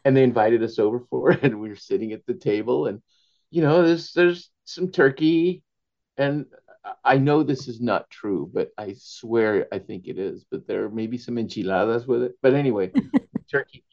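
A man, an author, telling animated anecdotes in an interview, laughing often and slipping into Spanish phrases. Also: mid-range voice, moderate pace, gravelly, dull audio. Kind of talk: storytelling in a conversational interview.

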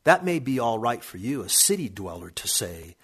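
A man's voice: mid-range voice, sing-song, moderate pace, a bit bright, breathy edge. A man voicing a lonely, sad older farmer who complains mournfully. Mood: aggrieved.

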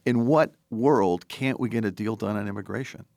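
An older American man, a podcast host and former congressman, talking politics in an animated, emphatic way. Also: lowish voice, normal speed, dry recording, clean studio sound. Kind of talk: political interview talk.

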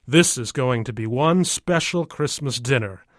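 A man voicing a hearty uncle, cheerful and proud at the dinner table. His voice is mid-pitched and close, dry in sound. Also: animated, a little slow, no room sound, natural voice. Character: jovial uncle at holiday dinner.

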